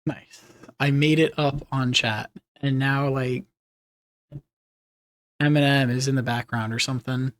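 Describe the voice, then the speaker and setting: A man's voice: mid-range voice, fairly even intonation, unhurried, long pauses. A young man chatting casually on a live stream, rambling and reading chat messages aloud with easy laughs.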